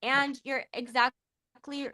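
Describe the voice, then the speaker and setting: A woman's voice: high voice, flat delivery, slow, bright, forceful tone, slight background noise. A woman hosting a live podcast, chatting casually in a rambling, emotional, giggly way. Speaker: podcast host.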